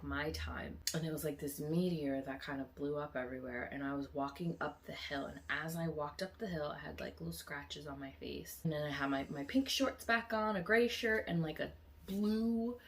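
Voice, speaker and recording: A woman vlogger casually recounting a dream in a chatty, rambling way, full of fillers. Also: deep voice. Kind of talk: casual storytelling.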